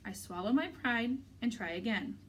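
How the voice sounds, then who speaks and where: A woman's voice: a little high, moderate pace, recorded from a distance, a little hiss or hum, rough recording. Woman reading a novel aloud, off-mic. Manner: steady, clear storytelling. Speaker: teacher reading a book aloud.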